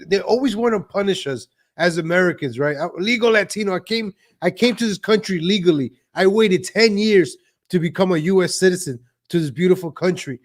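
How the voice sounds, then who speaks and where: A man's voice: high-pitched, fairly quick. A man hosting a livestream political commentary show, ranting and sarcastic with many fillers. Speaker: show host.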